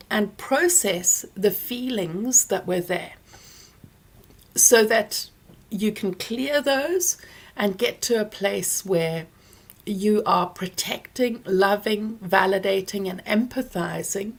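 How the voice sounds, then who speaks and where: Calm woman therapist answering viewer questions. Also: mid-range voice, breathy edge. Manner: calm, explanatory, with many fillers and restarts. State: talking around a throat lozenge. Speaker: therapist hosting a Q&A. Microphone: close mic near her ears.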